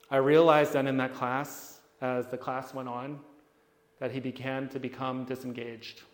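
A man giving a storytelling talk to a live audience, animated and acting out the people he describes. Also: medium pitch, unhurried. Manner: animated, acts out the people in his stories. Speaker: speaker addressing an audience. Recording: long reverb of a hall.

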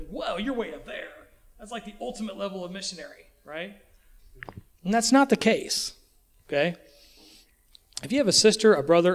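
Man, American accent, church sermon, conversational, slightly high voice. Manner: conversational, checks in with frequent "okay?". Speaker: preacher.

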